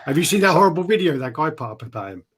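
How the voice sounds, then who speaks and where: A man's voice: on the high side, sing-song, very fast, a bit bright, breathy edge. A man hosting a casual livestream chat, easygoing, laughing often and reading out viewer names. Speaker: host reading live chat.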